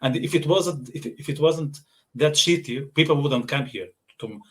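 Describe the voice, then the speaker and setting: A man's voice: a little high, normal speed, a bit bright. Blunt, joking podcast host, man. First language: Portuguese. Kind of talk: casual podcast interview.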